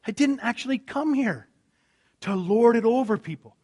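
A man voicing an earnest male teacher firmly correcting his followers, in a raised, emphatic, husky voice. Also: very high-pitched, lively intonation, moderate pace, darkish tone, voice pushed up, heavily acted. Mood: urgent. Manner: urgent, emphatic, lecturing.

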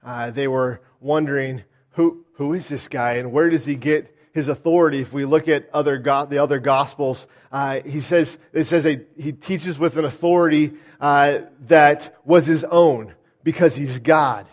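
Male pastor, slightly high voice, animated sermon delivery with lots of "uh.". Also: moderate pace, hardly any pauses. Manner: animated, acts out the townspeople's doubts; frequent "uh" fillers and restarts.

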